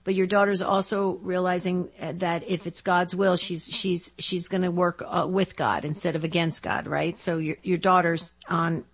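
A woman hosting a Catholic call-in radio show, encouraging and gently probing as she talks with callers. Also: on the low side, level tone, moderate pace, few pauses.

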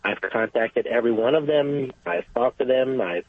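Man phoning into a radio show, halting and earnest, tinny phone line. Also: medium pitch, no echo. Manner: halting, repeating himself, earnest. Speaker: caller. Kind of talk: call-in radio testimony.

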